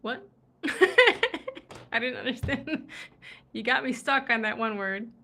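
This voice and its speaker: A woman from the USA chats on a livestream and reads viewer comments, laughing often and trailing off into murmurs. Her voice is bright and sits a little high, and she takes her time between phrases. She sounds tired from travel. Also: slow. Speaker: livestream host. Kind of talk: casual chat reading viewer comments. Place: indoors in Morocco.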